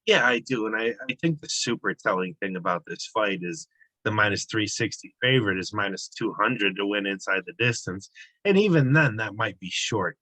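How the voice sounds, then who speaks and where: A man's voice: lowish voice, lively intonation, moderate pace, pushed and bright, no room sound, rough recording. A man giving sports betting analysis in a casual, conversational way, with frequent fillers and restarts.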